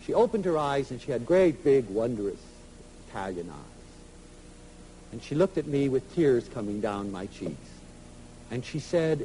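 A man giving an emotional, storytelling lecture to an audience, swinging from loud to soft. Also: medium pitch, very animated, a little slow, pauses often, slight background noise, poor audio.

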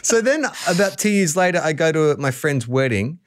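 A man's voice: on the high side, moderate pace. An Australian man, a podcast guest, telling stories in casual chat and laughing often. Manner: animated storyteller, laughs often.

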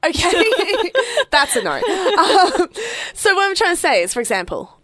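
A woman's voice: very high-pitched, unhurried, no room sound. A young woman co-hosting a casual podcast chat, teasing and laughing often. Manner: giggly, animated, teasing. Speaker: podcast co-host.

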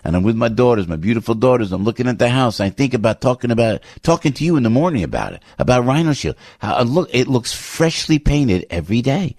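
A middle-aged man with a New Jersey accent talks through a live radio ad in a chatty, emphatic, rambling way. His voice sits at an ordinary pitch. The sound is dry and close, with no room around it. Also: sing-song, fast talker, hardly any pauses, a little mellow, no echo. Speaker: radio host.

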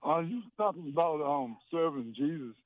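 Older male caller from Virginia, halting and emotional, with a dry, phone-thin sound. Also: fairly high pitch, expressive, no echo. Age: 60s. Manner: halting, emotional, many fillers. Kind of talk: call-in phone conversation. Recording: tinny phone line.

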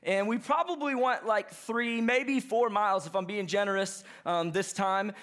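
A young adult man preaching a sermon, telling a story in an animated, chatty way. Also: high-pitched, normal speed. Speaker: pastor.

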